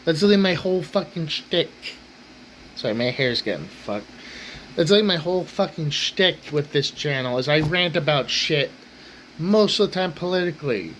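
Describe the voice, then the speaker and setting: A man's voice: on the high side, lively intonation, moderate pace, fairly bright tone, a little hiss or hum, rough recording. A man hosting his own rant channel, talking bluntly and swearing constantly in an angry rant.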